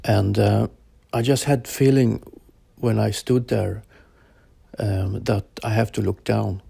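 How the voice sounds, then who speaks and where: Slow, gravelly man recounting a vision. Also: fairly low pitch, fairly even intonation, warm tone, no room sound. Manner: slow, halting, searching for words. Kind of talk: personal account told to interviewer.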